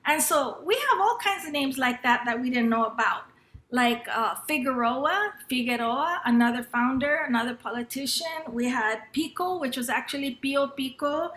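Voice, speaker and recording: A woman's voice: high-pitched, animated, moderate pace, fairly bright tone, echoey room. A middle-aged woman from Los Angeles telling a personal story at an educators' event, talking conversationally with fillers and restarts and acting out a teacher's lines. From Los Angeles, United States. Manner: acts out her teacher's lines in quotes. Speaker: panel speaker at an educators' summer institute.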